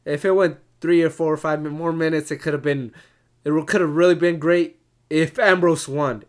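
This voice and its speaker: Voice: medium pitch, steady tone, moderate pace. A casual reviewer ranting in an exasperated way, laughing often and swearing freely. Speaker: wrestling show reviewer.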